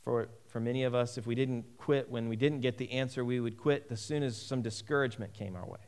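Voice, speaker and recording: A man's voice: medium pitch, a little fast, a little mellow, smooth. A man preaching a sermon, emphatic and repeating key phrases for weight.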